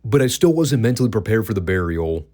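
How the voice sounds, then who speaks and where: A man with a slightly low voice talks through old wrestling shows in a loose, casual podcast style. He is dry and profane, and sometimes breaks into laughter at his own jokes. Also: sing-song, quick pace, dark tone. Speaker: podcast host reviewing wrestling.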